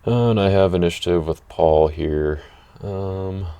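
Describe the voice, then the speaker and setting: A man's voice: low-pitched, a little slow, mellow, clean tone, no echo. A man hosting a channel, chatting casually and thinking aloud through a card game with many fillers. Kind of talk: casual gameplay chat. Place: playing an online card match.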